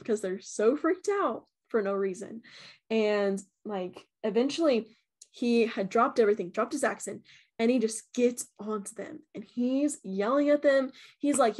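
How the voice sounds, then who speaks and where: Young woman, vlog reviewer, casual chatty storyteller, sits a touch high in pitch. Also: a little mellow. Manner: chatty, many "um" and "like", acts out quotes with voices. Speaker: vlogger reviewing a haunted house.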